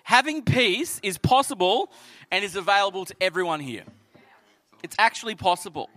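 A young Australian man preaching a sermon in church, reading scripture and telling lively stories with acted-out voices. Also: high voice, normal speed. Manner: animated storytelling, acts out quoted voices. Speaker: pastor.

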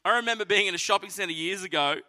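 Bright, high-voiced preacher man. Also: quick pace. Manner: animated storytelling, acts out voices. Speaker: pastor. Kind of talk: sermon.

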